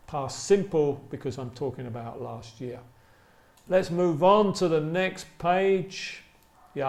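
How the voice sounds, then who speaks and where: A man teaching an English grammar lesson, repeating example sentences slowly and stretching them out for emphasis. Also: medium pitch, a little mellow, echoey room. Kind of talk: slow, deliberate grammar lesson with spoken examples.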